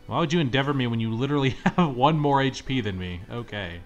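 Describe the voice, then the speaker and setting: A man's voice: mid-range voice, quick pace, dull audio. Exasperated young man playing a game. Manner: exasperated, dramatic complaining, yells at the game. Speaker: let's-play gamer. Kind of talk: gameplay commentary. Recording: faint game music behind.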